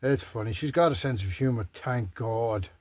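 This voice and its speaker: A man talks straight to his camera, rambling from one joke to the next with plenty of swearing and self-mockery. His voice is husky and a little breathy, and the recording is dry and close, with no room sound. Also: medium pitch, normal speed, darkish tone, no echo. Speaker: vlogger. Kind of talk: rambling casual monologue to camera.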